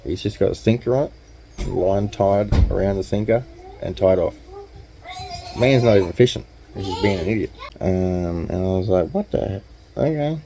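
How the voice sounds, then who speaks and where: A man's voice: low voice, moderate pace, vocal fry, background noise. A man with an Australian accent telling a story in a laid-back, chatty, slangy way. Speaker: vlogger. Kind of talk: casual storytelling.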